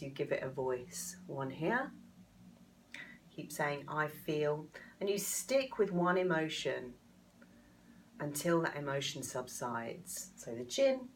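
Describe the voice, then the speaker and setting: A woman with a low voice guides the listener step by step through a self-help exercise, calm and encouraging, repeating phrases for emphasis. The mic sits some way off, so she sounds a little distant. A faint background noise runs underneath. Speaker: mindset coach. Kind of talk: instructional talk demonstrating a technique.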